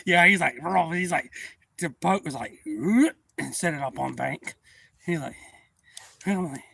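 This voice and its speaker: A man's voice: a little high, measured pace, creaky, long pauses, no room sound. A man, telling a profane fishing story on his livestream. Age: 40s. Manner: profane, animated yarn-spinning. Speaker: livestream host.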